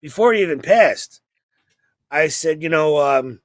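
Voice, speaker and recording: A man co-hosting a podcast in casual chat, rambling and animated, acting out quoted voices. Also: a little high, measured pace, no echo. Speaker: podcast co-host.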